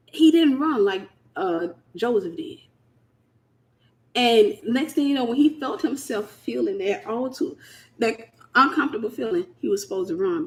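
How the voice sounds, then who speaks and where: A woman hosts a casual Christian teaching talk at a mid-range pitch. She speaks in an emphatic, colloquial way and hammers home her points by repeating phrases. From United States. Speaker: host.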